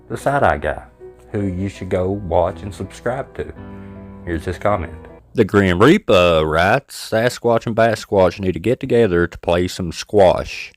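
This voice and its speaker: An American man hosting his channel, reading viewer comments in casual, animated commentary with jokes and laughs. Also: deep voice.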